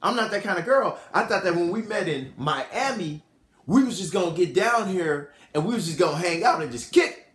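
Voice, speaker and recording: A man voicing a young woman who talks in a sing-song, drawn-out way. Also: sits high, animated, fairly bright tone, roomy sound. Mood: defensive. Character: young woman, sweet then defensive.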